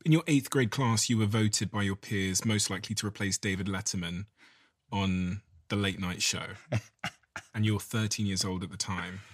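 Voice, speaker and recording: A man's voice: lowish voice, steady tone, moderate pace, dry recording, clean studio sound. A man interviewing a guest with curious, prodding questions.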